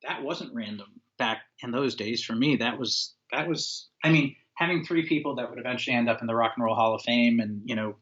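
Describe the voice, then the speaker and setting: A man's voice: medium pitch, a little fast, few pauses. A man from upstate New York spins a long anecdote in easy, casual conversation. He acts out the voices of people in the story and leans on fillers. His voice sits mid-range, and the audio is dull and lo-fi. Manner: animated storyteller, acts out quotes, frequent fillers. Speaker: guest, former record label owner. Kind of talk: casual anecdote-telling interview.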